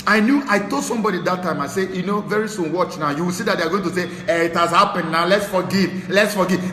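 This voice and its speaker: A Nigerian man delivers impassioned political commentary as a show host, dropping to low muttering and then rising into shouted tirades. His voice is bright and sharp, and it rings with a long reverb in a roomy space. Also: fast talker, hardly any pauses, a little hiss or hum.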